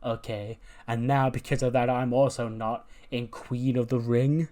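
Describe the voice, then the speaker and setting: A man's voice: medium pitch, steady tone, measured pace, dark tone, natural voice. A man voicing a brash, menacing female wrestler who taunts her rival in swaggering trash talk. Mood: taunting.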